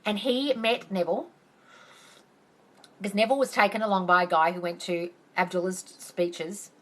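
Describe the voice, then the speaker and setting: A woman coaching on manifesting, telling stories in a chatty, animated way on a phone livestream. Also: medium pitch, normal speed. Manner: chatty, animated storyteller who acts out quotes. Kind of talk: casual livestream storytelling.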